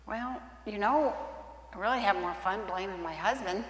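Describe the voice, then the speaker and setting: A woman's voice: medium pitch, normal speed, natural voice. A woman acting in a church skit as an exasperated married woman who would rather smash things than pray, speaking hesitantly with dry humor. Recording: echoey hall with faint ambience.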